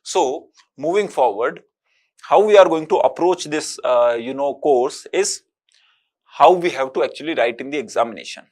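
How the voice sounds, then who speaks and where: A man giving a recorded exam-prep lecture, explaining steadily and often pausing on "uh, you know". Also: fairly high pitch, animated, darkish tone.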